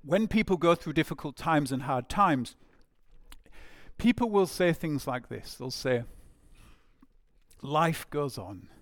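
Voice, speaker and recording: A man's voice: fairly high pitch, animated, unhurried, no room sound. A man preaching a sermon in an earnest way, repeating key phrases for emphasis.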